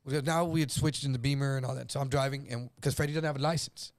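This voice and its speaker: A man telling a story in casual chat, animated, acting out voices and swearing freely. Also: medium pitch, fast talker, no echo. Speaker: guest.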